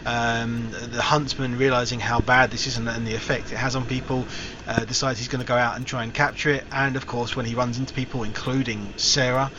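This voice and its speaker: A man's voice: medium pitch, flat delivery, brisk. A man hosting a casual film review show, rambling with fillers and restarts. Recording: dull lo-fi recording, faint hiss.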